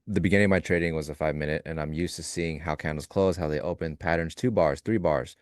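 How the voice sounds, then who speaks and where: Very deep-voiced man, co-host on a live stream, loose joking chat, dry close sound. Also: fast, dry recording. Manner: loose, joking, talks through ideas in fragments.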